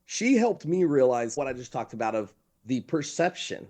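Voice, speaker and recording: A man speaking as a marketing consultant guest in a conversational interview, emphatic and animated, repeating his key phrases and telling stories. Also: mid-range voice, normal speed.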